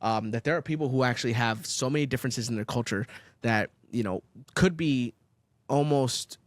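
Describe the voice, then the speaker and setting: A man co-hosts a podcast in a mid-range voice at a moderate pace, with no room sound in the recording. The conversation is casual, his storytelling animated and profane, with laughter coming often.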